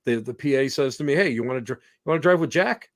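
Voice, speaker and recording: This podcast guest is a man with a medium-pitched voice and a quick pace. Chatting casually, he recounts anecdotes with animation, acting out the voices of those he describes.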